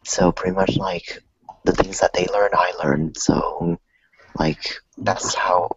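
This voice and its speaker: A man with a low, husky voice talks in a casual chat, often dropping into a soft half-whisper. His voice is gravelly, and the sound is muffled. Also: fairly even intonation, slow, dry recording. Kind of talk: casual conversation.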